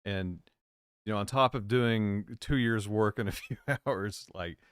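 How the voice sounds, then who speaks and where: Laid-back, low-voiced man co-hosting a stream. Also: a little slow, clean tone. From Virginia. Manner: laid-back, joking, rambling. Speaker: co-host. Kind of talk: live chat stream.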